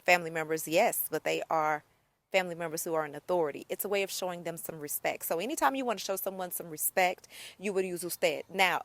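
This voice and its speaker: A woman teaching in a relaxed, chatty way, often stopping to ask "okay?" or "right?". Her voice sits a little low for a woman and sounds dry and close to the mic, with no room echo. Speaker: Spanish teacher. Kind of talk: casual video lesson.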